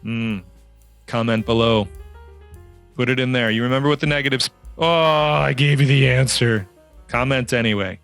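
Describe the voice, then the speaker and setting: A man's voice: mid-range voice, moderate pace, fairly bright tone, faint music behind. A man narrating a casual drawing tutorial in a chatty, playful way, quizzing the viewer as he works. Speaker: drawing instructor.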